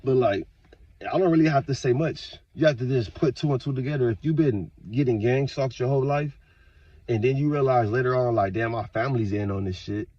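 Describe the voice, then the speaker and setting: Husky-voiced man ranting on a vlog. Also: mid-range voice, a little fast, no echo, lo-fi sound. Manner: profane, rambling rant with sudden loud bursts. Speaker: vlogger. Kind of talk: casual monologue to camera.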